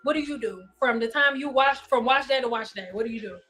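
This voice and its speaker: A woman hairstylist runs a live advice stream in a high, bright voice. She is blunt and insistent and keeps firing the same pointed questions until they land. Faint music plays softly behind her. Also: brisk.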